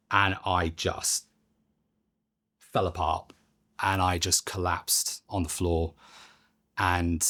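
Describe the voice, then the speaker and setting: A young man telling a personal story in a halting, emotional way, with long pauses. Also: fairly low pitch, fairly bright tone. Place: studio.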